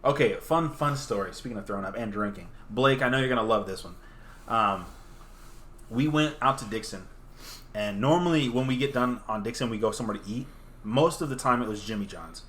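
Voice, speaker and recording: Young male podcast host, bright voice, loose sweary storyteller, faint background noise. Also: mid-range voice, fairly quick. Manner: animated storyteller, laughs often, swears freely. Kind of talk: casual chat.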